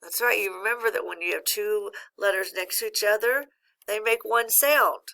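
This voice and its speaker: A woman teaching a phonics lesson, patient and encouraging, pausing for answers as if students were replying. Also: mid-range voice, vocal fry, bright, forceful tone.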